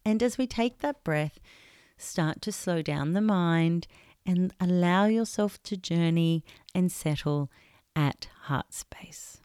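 A woman leading a guided meditation, speaking in a gentle, soothing and unhurried way with long pauses. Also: lowish voice, smooth, no echo, clean studio sound. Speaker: meditation guide and podcast host.

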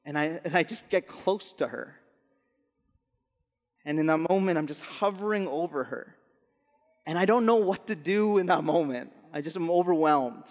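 Young male pastor, fairly high voice, earnest sermon delivery, long hall reverb. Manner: earnest, slow and soft on key phrases. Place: church hall.

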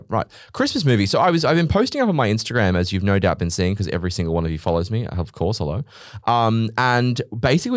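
A young Australian man rants through his podcast in a brash, theatrical way, swearing freely. His fairly low voice swings up and down all the time. The sound is dry and close, with no room around it. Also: no room sound. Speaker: podcast host. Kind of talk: solo podcast rant.

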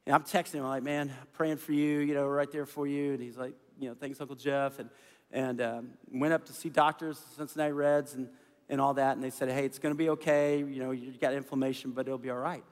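A middle-aged man preaching as a pastor, telling a story in an earnest, animated way. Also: mid-range voice, fairly quick. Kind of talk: sermon. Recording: long hall reverb with faint music.

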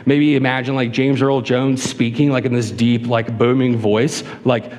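A man's voice: medium pitch, level tone, moderate pace, hardly any pauses, a little mellow. A man preaching a sermon as a pastor, earnest and full of rhetorical questions. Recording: hall reverb.

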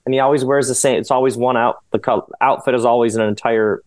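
Guy reading his own book out loud, mid-pitched, expressive, breaks into little laughs, dry close mic. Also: quick pace, no echo. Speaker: author guest.

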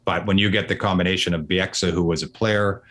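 A man's voice: deep voice, steady tone, fast talker, a bit bright. A middle-aged man, a sportscaster guest, talking earnestly and at length in a casual conversation, often restarting his phrases.

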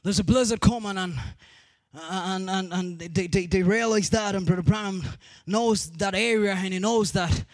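A male preacher retelling a story in a sing-song sermon cadence, repeating and restarting words, building up to shouting. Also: high voice, moderate pace, dry recording.

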